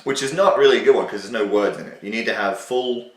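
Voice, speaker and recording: A man's voice: fairly low pitch, fast talker, echoey room, recorded from a distance. A man hosting a casual, self-mocking commentary on his own old video, sarcastic and swearing freely.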